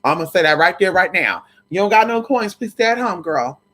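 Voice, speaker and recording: A livestream host chats casually with viewers in a mid-range, brisk voice, sassy and profane. She calls them honey and girl and, animated, drops into quoted voices.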